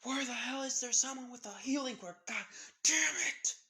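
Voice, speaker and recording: A man's voice: very high voice, moderate pace, voice pushed up, exaggerated voice. A man voicing a frantic male bystander who screams for a healer. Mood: panicked. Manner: shouting in panic. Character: frantic wounded man yelling for help.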